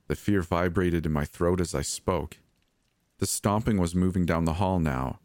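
Deep male storyteller, measured horror narration, dry. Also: a little mellow, dry recording.

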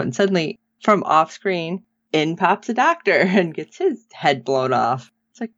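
A low-voiced woman co-hosting a podcast gives a lively, unhurried recap of a TV episode in casual chat, acting out quotes and often laughing. The recording is dry, dull and lo-fi.

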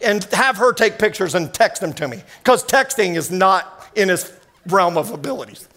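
A man preaching a sermon as pastor, telling a family story with energetic exclamations. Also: high-pitched, moderate pace.

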